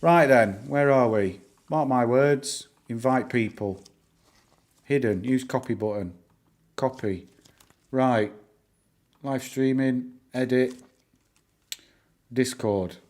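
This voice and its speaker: A man's voice: medium pitch, slow, long pauses, darkish tone. A middle-aged man from northern England with a northern English accent, chatting casually with viewers on a live stream, rambling and full of fillers. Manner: chatty, rambling, answers chat, lots of fillers. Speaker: livestream host.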